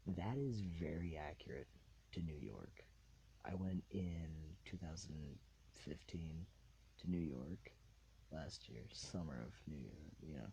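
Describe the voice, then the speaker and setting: A man with a very low, dark, mellow voice hosts a solo podcast. He rambles in a laid-back way from one thought to the next and leans on fillers. It is recorded on a tablet with a faint hiss behind. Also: animated, slow pace, creaky, rough recording. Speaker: podcast host.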